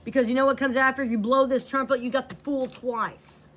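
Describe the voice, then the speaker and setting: A woman's voice: sits high, fairly even intonation, brisk, fairly bright tone. A woman giving a tarot reading to camera, blunt and profane, repeating lines for emphasis. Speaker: tarot reader.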